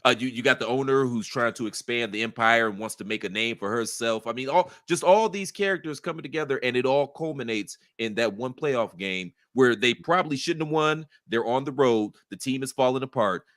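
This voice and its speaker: Bright-voiced man co-hosting a podcast. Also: mid-range voice, no room sound, clean studio sound. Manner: dramatic, wry, slows for emphasis. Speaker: co-host. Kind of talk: casual podcast chat.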